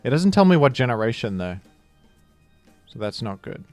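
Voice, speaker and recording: A man's voice: mid-range voice, big pitch swings, moderate pace, darkish tone, no room sound, soft background music. A young adult man streaming a guessing game, chatting casually, laughing often and tossing in mock accents for jokes. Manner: playful, laughs often, mock British impressions. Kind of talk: casual live-stream commentary.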